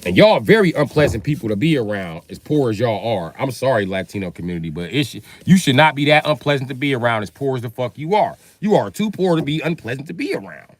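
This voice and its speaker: A male comedian telling profane comic stories in a live monologue, acting out both sides of conversations and breaking into loud shouts. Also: very animated, quick pace, hardly any pauses, no room sound. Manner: jumps to loud high shouts when acting out scenes.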